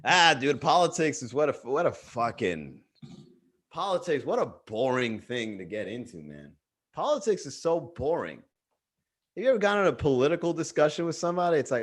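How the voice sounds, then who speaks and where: A man hosts a casual comedy livestream from home, talking into a computer mic. His voice sits fairly high and swings widely in pitch. He riffs loosely and swears freely, and slips into other people's voices as he goes. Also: big pitch swings, moderate pace. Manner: profane, riffing, acts out quoted voices.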